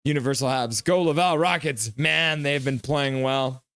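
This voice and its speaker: A man's voice: moderate pace, no echo. Male live-stream host, mid-range voice, loose and chatty, reads chat and mimics commenters, dry close mic. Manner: chatty, reads viewer comments and acts them out in sudden high shouts. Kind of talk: casual live-stream reaction, reading chat aloud.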